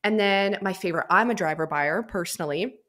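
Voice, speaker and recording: A young adult woman, a business mentor and podcast guest, talking in a chatty, animated way and slipping into little voices for anecdotes. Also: mid-range voice, fairly quick. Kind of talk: casual interview talk.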